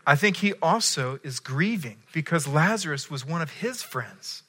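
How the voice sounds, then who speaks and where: A man's voice: on the high side, animated, moderate pace, bright, forceful tone. A man preaching a sermon in a conversational storytelling way, often checking in with his listeners. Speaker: pastor.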